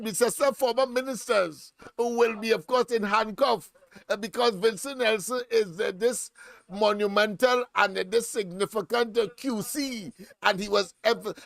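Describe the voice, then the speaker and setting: A man with a rather high voice hosts his own political commentary. He talks in a halting way, with many "uh"s and "of course"s. The sound is dry and close, with no room around it. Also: gravelly, fairly bright tone, no echo. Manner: halting, full of "uh" and "of course" fillers.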